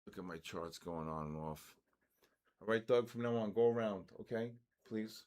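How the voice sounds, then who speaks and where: A man hosting a casual livestream, calling out giveaway numbers and names and exclaiming excitedly over the winners. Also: fairly low pitch, moderate pace. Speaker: livestream host running a giveaway.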